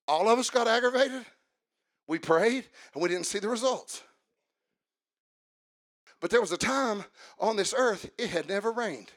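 A male preacher delivering a sermon in a church, swinging from quiet talk to shouted, sing-song preaching. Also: sits high. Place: church sanctuary.

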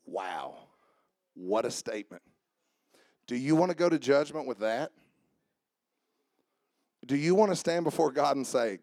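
A man preaching a sermon. He jokes with the congregation and swings from soft asides to raised calls. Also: medium pitch, lively intonation, fairly quick, no echo, clean studio sound. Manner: joking with the congregation. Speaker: pastor. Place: church service with instrument behind.

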